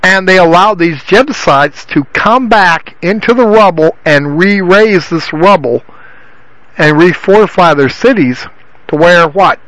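A man's voice: sits high, lively intonation, measured pace, a bit bright, no echo, poor audio. A man giving an informal Bible teaching in a rambling way, with frequent restarts and filler phrases. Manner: rambling, repeats himself with many restarts and "you know".

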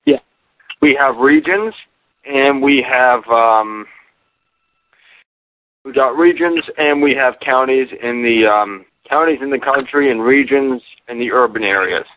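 A man calling in, talking in a rambling, halting way with many fillers. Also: medium pitch, expressive, no echo. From Canada. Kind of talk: casual call-in chat. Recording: dry tinny phone line.

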